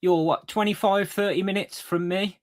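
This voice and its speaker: A man's voice: sits high, fairly even intonation. Blunt man with a Redditch accent. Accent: Redditch, West Midlands. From Redditch, England. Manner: quick to laugh, short blunt remarks. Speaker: podcast co-host. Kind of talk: casual chat.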